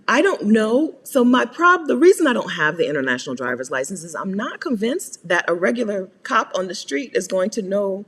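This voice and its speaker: American woman host for live Q&A, animated pitch, talks in a hall with long reverb, laughs often. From United States. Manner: chatty, laughs often, greets viewers by name. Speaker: host answering viewer questions. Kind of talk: live Q&A chat.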